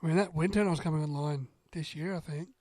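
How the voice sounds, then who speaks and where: An upbeat man chatting on a podcast, quick to agree and jump in. His voice sits a touch higher than most men's. The sound is dry and close. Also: darkish tone, dry recording. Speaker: podcast co-host. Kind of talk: casual chat.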